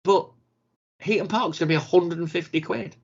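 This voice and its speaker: A middle-aged man with a Manchester accent, chatting casually on a podcast, sweary and animated, laughing often. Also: high voice, fairly quick, vocal fry, slightly rough, highs cut off. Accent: Mancunian. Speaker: podcast co-host. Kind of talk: casual chat.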